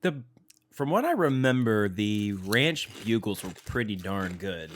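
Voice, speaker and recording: A man's voice: on the low side, very animated, unhurried, a little hiss or hum. Easygoing young man co-hosting a snack podcast. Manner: easygoing, chats while chewing. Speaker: podcast co-host. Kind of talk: casual snack-tasting chat.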